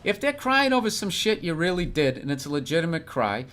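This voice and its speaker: Middle-aged man, high pitch, bright, blunt, animated podcast banter. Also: brisk. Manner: blunt, animated storytelling with acted-out quotes. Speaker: podcast guest. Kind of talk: casual comedic chat.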